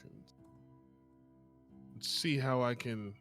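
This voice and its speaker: A man's voice: medium pitch, extremely slow, a bit bright, faint music behind. A man playing a tabletop game, chatting casually and laughing easily. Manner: easygoing, laughs often. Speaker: player.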